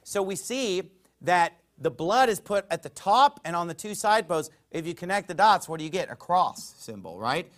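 Male pastor, high-pitched, emphatic sermon delivery, quotes scripture in archaic wording. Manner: emphatic preaching with sharp swings in loudness.

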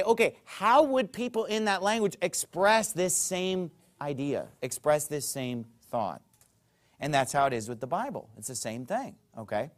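A man's voice: high-pitched, fairly bright tone. A man preaching a sermon in an emphatic, conversational way, often checking in with his listeners.

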